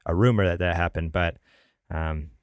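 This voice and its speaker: A man's voice: deep voice, fairly even intonation, moderate pace, no room sound, clean studio sound. A man hosting a casual gaming podcast, chatty and rambling, often laughing. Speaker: podcast host.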